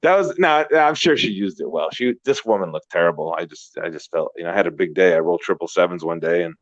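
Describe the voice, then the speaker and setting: A man's voice: low voice, animated, quick pace, dry recording. A man chatting casually and animatedly, telling stories, swearing freely and repeating words as he goes. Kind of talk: casual chat. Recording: dull dry lo-fi sound.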